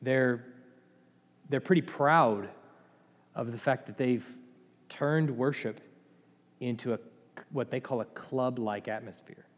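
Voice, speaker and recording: A man preaching a sermon as pastor, passionate, rising to loud emphatic peaks and dropping to low, quiet asides. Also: takes it slowly, pauses often. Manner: impassioned, swings between loud and quiet. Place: church sanctuary. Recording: long hall reverb.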